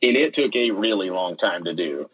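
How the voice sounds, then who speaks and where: Brief: male guest, low husky voice, chatty storyteller acting out quotes. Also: moderate pace, poor audio. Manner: animated storytelling, acts out quotes, many fillers and restarts. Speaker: interview guest, pennant maker and player. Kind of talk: casual storytelling in an interview.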